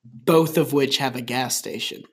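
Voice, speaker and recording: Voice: mid-range voice, fairly even intonation, a little slow. A speaker reading a story aloud with teasing, sarcastic asides in a comedic way.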